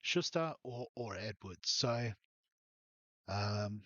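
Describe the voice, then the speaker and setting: A man's voice: fairly low pitch, expressive, takes it slowly, a bit bright, dry recording, muffled recording. A man walking through his fantasy rugby league team in a rambling, hesitant way, full of ums. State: has the hiccups. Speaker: fantasy sports youtuber. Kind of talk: casual fantasy team walkthrough.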